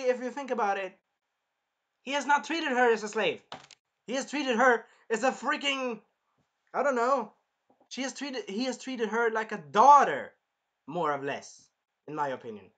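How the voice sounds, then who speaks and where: Brief: animated male reviewer, bright, high-pitched, swears freely. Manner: animated, blunt, swearing, swings between muttering and exclaiming. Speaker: anime reviewer. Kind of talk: casual spoken review.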